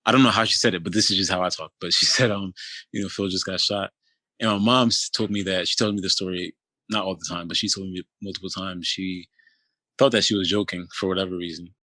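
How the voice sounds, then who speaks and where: Low, flat-voiced man telling his story. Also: no room sound. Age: 30s. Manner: halting, loose, full of restarts and "you know". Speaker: interview guest. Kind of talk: telling a personal story in conversation.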